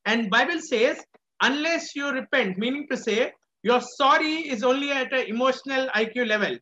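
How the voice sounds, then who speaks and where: An emphatic preacher with a bright, pointed voice delivers a sermon, coming back to phrases again and again and answering their own questions. The recording is muffled and lo-fi. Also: high voice, moderate pace, slight background noise. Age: adult with a small child. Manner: emphatic, repeats key phrases, asks rhetorical questions.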